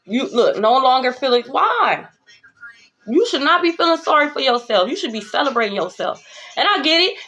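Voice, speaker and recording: A woman giving a spiritual tarot reading to her viewers, blunt and profane, swinging between calm reassurance and heated calling-out. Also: high voice, moderate pace. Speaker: tarot reader. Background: background music.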